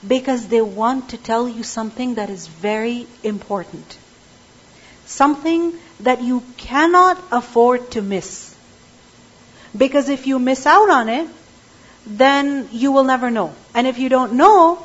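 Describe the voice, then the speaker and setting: A woman's voice: on the high side, lively intonation, a little slow, muffled recording. A woman teaching a Quran class, explaining verses and checking in with her students with frequent questions.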